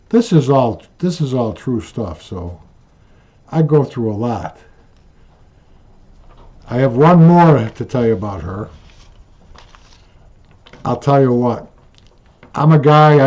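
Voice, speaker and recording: A man's voice: mid-range voice, mellow. A man hosting his own rant channel, telling stories in a blunt, repetitive, plain-spoken way. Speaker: channel host. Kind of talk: ranting vlog storytelling. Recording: dull lo-fi sound.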